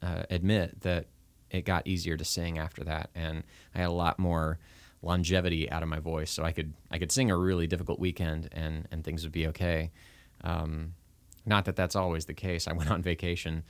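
A man's voice: low voice, little pitch movement, moderate pace, no room sound. A man who sings for a living, chatting casually and laughing often. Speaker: singer and musician. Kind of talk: casual chat.

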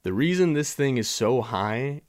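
A man's voice: mid-range voice, lively intonation, unhurried, a little mellow, dry recording, clean studio sound. A man hosting a podcast, chatting casually about movies in a rambling way with many restarts. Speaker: podcast host.

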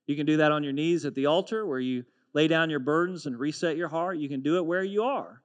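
With a voice that is a little high, a man preaching as pastor tells a story in an earnest, animated way. The sermon builds toward a call to renewal.

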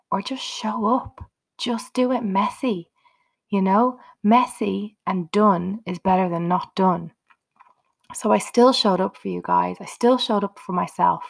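A woman's voice: medium pitch, vocal fry. A woman hosting her own motivational podcast, talking unscripted and earnestly, chatting straight to her listeners. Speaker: podcast host.

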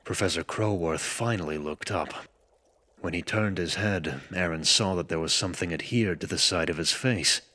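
A man narrating a scripted story in a measured, even way. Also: deep voice.

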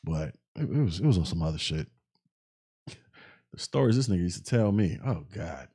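Animated, mellow-voiced man telling stories. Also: low voice, moderate pace, breathy edge. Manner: loose, profane slang with frequent restarts. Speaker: podcast host. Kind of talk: casual storytelling.

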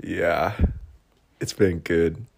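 A man's voice: deep voice, fairly even intonation, extremely slow, creaky, slight background noise. A young man from Denver co-hosting a podcast, chatting in an upbeat, casual way and laughing often. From Denver, Colorado. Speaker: podcast co-host.

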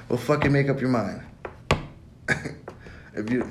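A man's voice: steady tone, brisk, long pauses. A man giving blunt, profane dating advice in a casual podcast monologue. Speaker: podcast host. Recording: echoey room with faint rumble.

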